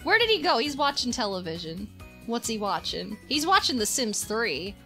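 A woman streamer giving live gameplay commentary, giggling often, swearing and reacting loudly to the game. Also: a little high, very animated, moderate pace, soft background music.

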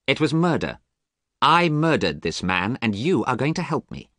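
A man's voice: medium pitch, big pitch swings, moderate pace, fairly bright tone, no echo, clean studio sound, pitched above the performer's own voice. A man voicing a desperate young man who urgently commands and threatens. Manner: urgent, insistent pleading.

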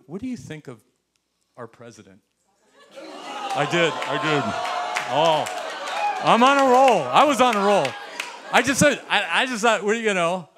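A pastor from the United States tells a story from the pulpit, animated and chuckling as he acts out each person he met. His voice sits a little high for a man. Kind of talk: storytelling sermon. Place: church sanctuary.

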